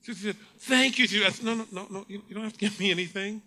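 A man's voice: high voice, fast talker. A middle-aged man preaching a sermon, telling stories with acted-out quotes and frequent laughter. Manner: animated storytelling preacher, acts out quotes, laughs often. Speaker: pastor.

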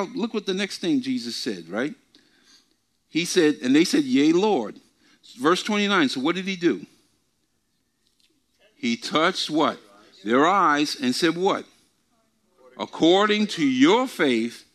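A man teaching from the Bible before a group, often asking questions and repeating his words, reading scripture slowly with emphasis. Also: a little high, a bit bright. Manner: asks the congregation questions and repeats himself. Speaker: preacher. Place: church meeting before a group.

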